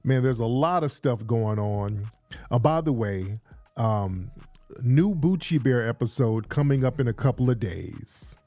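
A man's voice: mid-range voice, expressive, measured pace, mellow, no room sound. Hyped man hosting a livestream. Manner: hyped, repetitive, addressing the audience. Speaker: livestream host. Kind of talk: casual livestream chat. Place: indoors, rainy day.

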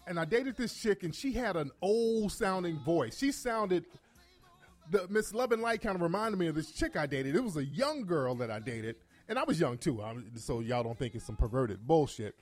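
A man in his forties hosting a call-in radio show, telling profane, animated stories and laughing often. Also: a little high, moderate pace, soft background music. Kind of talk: comedic call-in radio talk.

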